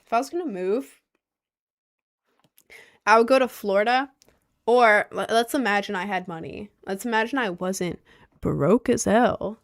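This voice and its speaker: A young woman from Maryland chatting casually on a live stream, gushing excitedly and reading the chat aloud. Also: mid-range voice, a little slow, pauses often. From Maryland, United States.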